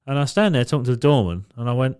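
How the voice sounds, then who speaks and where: A young man spins a boozy holiday story on a podcast, swearing freely and acting out the people in it. His voice sits mid-pitch and he talks in easy, lively casual chat. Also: rapid-fire, smooth. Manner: swearing, animated anecdote-telling with quoted voices. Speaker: podcast co-host.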